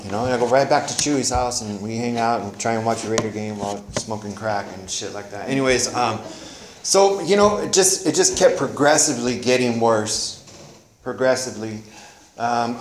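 A man's voice: medium pitch, brisk. A middle-aged man giving a candid, rambling personal testimony at a recovery meeting, with frequent "you know" and some swearing. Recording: echoey room, faint noise.

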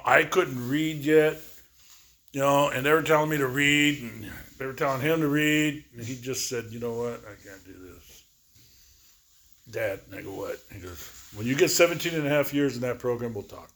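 A man's voice: medium pitch, a bit bright. A man in his sixties giving a rambling personal recovery testimony, full of fillers and repeats, acting out both sides of remembered talks. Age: 60s. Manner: rambling, repetitive storytelling with many fillers. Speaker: recovery speaker.

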